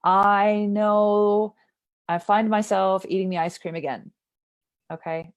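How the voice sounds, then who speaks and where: A woman's voice: medium pitch, normal speed. A woman who works as a somatic trauma therapist, explaining earnestly as an interview guest and often checking in with "right?".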